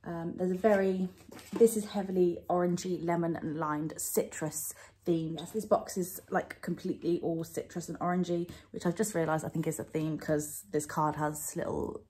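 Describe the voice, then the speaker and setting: A woman's voice: on the low side, little pitch movement, normal speed, warm tone. A young woman chatting casually as she reviews beauty products, gushing and full of "like" and "um". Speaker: beauty vlogger.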